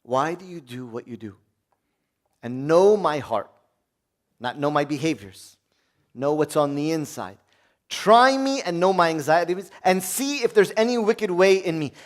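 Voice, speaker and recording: A man preaching a sermon, swinging between loud, urgent high points and quiet, low asides. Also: lively intonation, unhurried.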